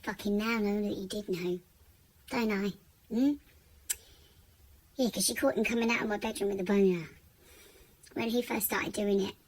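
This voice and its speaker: A woman telling a painful personal story in a vlog, halting and often repeating her words. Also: mid-range voice, fairly even intonation. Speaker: vlogger.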